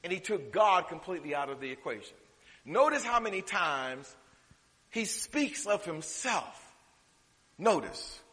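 A high, bright-toned man preaches a sermon in a hall with a long echo. He builds to loud, drawn-out declarations, then drops to quiet, quick asides. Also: very animated. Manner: dramatic, swinging from loud preaching to hushed asides. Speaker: pastor. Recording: reverberant hall.

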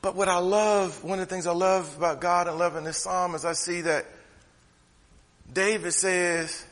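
A man preaching a humorous, conversational sermon from the pulpit, swinging from loud to hushed. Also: high-pitched, steady tone, moderate pace, long reverb tail. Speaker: pastor. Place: church sanctuary.

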